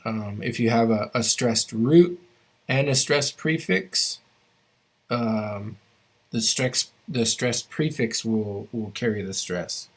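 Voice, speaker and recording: A man with a medium-pitched voice teaches a language class at a slow pace. He explains grammar rules step by step and frequently stops to restart his phrases.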